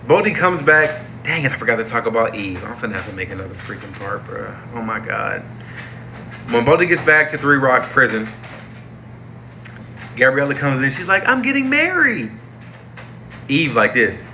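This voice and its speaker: A man's voice: medium pitch, lively intonation, moderate pace, pushed and bright, slight background noise. A young man giving a casual, heated review of a TV show, slangy and exasperated, repeating himself for emphasis.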